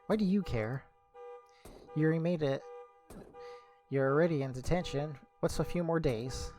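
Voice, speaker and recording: A man's voice: fairly high pitch, normal speed, warm tone, soft background music, lightly acted. A man putting on a snarling foul-mouthed pterodactyl girl. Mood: defiant. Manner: snarling, swearing, dismissive.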